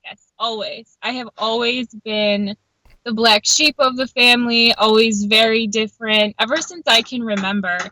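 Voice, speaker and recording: Woman, Upper Midwest accent, bright voice, open and candid, dry close sound. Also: fairly high pitch, fairly even intonation, moderate pace, dry recording, poor audio. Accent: Upper Midwest American. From Wisconsin. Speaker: interview guest. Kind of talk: casual interview chat.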